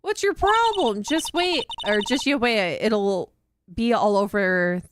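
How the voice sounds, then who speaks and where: A woman's voice: on the high side, expressive, takes it slowly, noisy background. Woman doing a pushy Southern reporter lady. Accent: put-on American Southern. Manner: pushy, cocky, drawling. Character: brash nosy female tabloid reporter.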